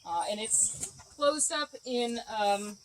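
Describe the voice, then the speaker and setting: A woman giving a relaxed, chatty tour of her chicken coop outdoors, with many fillers. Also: on the high side, slow, heavy background noise. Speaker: small farm owner giving a tour. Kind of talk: casual guided tour.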